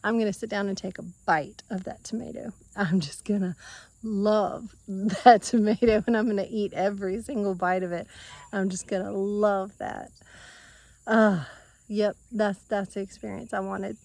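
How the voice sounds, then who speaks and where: Woman vlogger, gushing and teary, mid-pitched voice, dry close sound, easy casual delivery. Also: fairly even intonation, gravelly, a little mellow, no echo. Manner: emotional, gushing, laughs often, halting restarts. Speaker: homesteading vlogger. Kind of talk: casual heartfelt monologue. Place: outdoors at a farm orchard.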